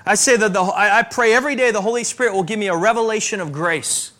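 Man preaching, high-pitched voice, emphatic, slows to stress repeated phrases. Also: pushed and bright. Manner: preaching with emphatic rises and slow, stressed repetitions. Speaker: pastor. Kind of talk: sermon.

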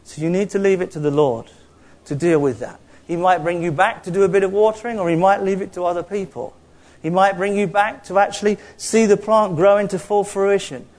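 Man, high-pitched voice, animated sermon, playful preaching. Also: fairly quick. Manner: animated, jokey preaching with mocking put-on voices.

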